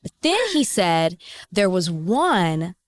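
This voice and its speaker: A woman co-hosting a podcast, interviewing a guest with animated questions, playful teasing and big jumps in her pitch. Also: slow pace. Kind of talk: casual interview chat.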